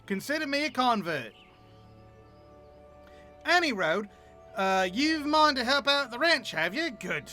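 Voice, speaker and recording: A man doing a gruff rustic ranch wrangler. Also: very high voice, big pitch swings, measured pace, pauses often, bright, forceful tone, faint music behind, voice pushed up, exaggerated voice. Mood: hearty. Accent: put-on rustic accent. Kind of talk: reading game dialogue aloud in a voice.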